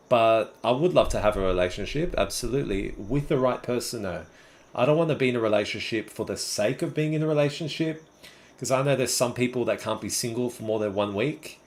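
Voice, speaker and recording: A man in his twenties or thirties with a Sydney Australian accent, casually chatting with viewers on a live stream and answering their messages. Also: lowish voice. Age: 20s or 30s. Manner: relaxed, chatty, answers chat messages one by one. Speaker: livestream host.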